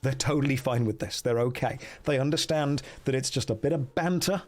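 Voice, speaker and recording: A man's voice: mid-range voice, fairly quick. An English man streaming a gamebook, bantering with chat in a jokey way and laughing often. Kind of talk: casual stream commentary.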